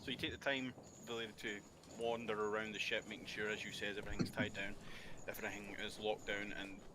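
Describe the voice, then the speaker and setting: Low-voiced man running a tabletop game. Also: fast talker, very noisy. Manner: relaxed, with frequent ums and uhs. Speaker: game master. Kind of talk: narrating a tabletop game over voice chat. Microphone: computer mic on voice chat.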